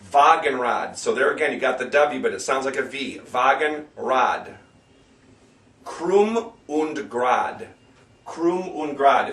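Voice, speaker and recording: A man leading a sing-along lesson, slowly enunciating words of a German bar song and sometimes stopping to correct himself. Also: mid-range voice, a bit bright, echoey room, recorded from a distance. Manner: slow, careful enunciation of foreign words, stops to correct himself. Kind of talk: casual spoken lesson with sung examples.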